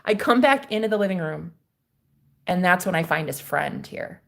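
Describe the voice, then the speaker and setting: A young woman telling a story on her vlog in an animated way, full of slang and swearing. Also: fairly low pitch, normal speed, creaky. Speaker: vlogger.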